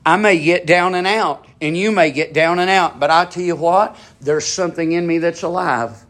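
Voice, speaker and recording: A man's voice: a little high, normal speed, fairly bright tone. A man preaching a sermon in a fervent, repetitive cadence.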